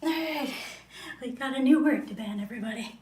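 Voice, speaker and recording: A woman's voice: sits high, fairly quick, a little mellow, recorded from a distance. A woman casually chatting while cooking on a live stream, playful and sing-song, often meowing to herself. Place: home kitchen. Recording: echoey room, voice from afar.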